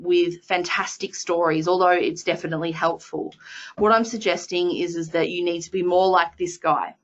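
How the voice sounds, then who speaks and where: An Australian woman giving a chatty, self-deprecating webinar talk on sales, filling her pauses with ums and uhs. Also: fairly low pitch, fairly bright tone, highs cut off. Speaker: sales training presenter. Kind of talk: webinar presentation.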